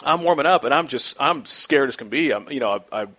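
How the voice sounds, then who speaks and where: Animated man telling a story. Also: medium pitch, brisk. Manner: animated, lots of restarts. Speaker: guest, former pitcher. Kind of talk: casual storytelling.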